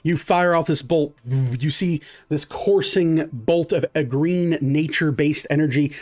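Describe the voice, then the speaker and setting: A man's voice: on the high side, a little slow, darkish tone. A man running a tabletop game as dungeon master, narrating vividly with many fillers.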